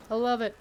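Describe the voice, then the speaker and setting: A woman's voice: a little high, darkish tone, a little hiss or hum. A woman streamer playing a strategy game live, chatting playfully and reading the event text aloud. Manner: chatty and playful, bursts of laughter, reads in-game text in an exaggerated tone.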